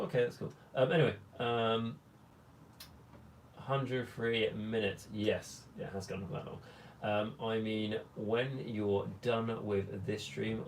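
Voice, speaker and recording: A man's voice: on the low side, slight background noise. A young man hosting a hobby live stream, chatting casually and rambling with many fillers while he reads the chat.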